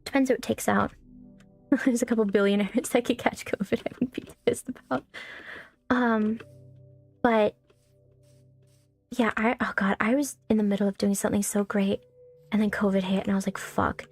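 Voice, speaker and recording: A woman's voice: mid-range voice, steady tone, normal speed, long pauses. A young woman streaming from home, chatting candidly and rambling, swearing freely, on a mic on a stand. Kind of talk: casual stream chat. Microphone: new condenser mic on a stand. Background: faint background music.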